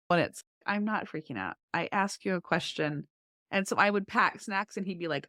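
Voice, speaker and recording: A woman co-hosting a podcast, telling family stories with lively quoted dialogue. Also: lowish voice, a little fast, dry recording, clean studio sound. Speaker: podcast co-host. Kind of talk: casual chat.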